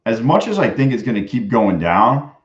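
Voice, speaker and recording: A man's voice: medium pitch, very animated, moderate pace, reverberant, highs cut off. A young man giving loose, crude running commentary on his trades during a live stream, muttering to himself between bursts of banter. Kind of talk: casual running commentary while trading.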